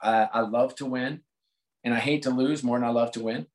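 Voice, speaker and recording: Fairly quick with fairly even intonation, a medium-pitched male voice comes through a low-quality recording. The speaker, a sports executive in his forties from the United States, is a conversational interview guest who talks candidly and reflectively and often restarts sentences.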